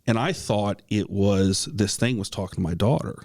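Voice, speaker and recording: A man's voice: on the low side, normal speed, darkish tone. A man co-hosting a podcast, telling a personal ghost story in a casual, earnest way, with many restarts and the odd cough. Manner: coughs now and then. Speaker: podcast co-host.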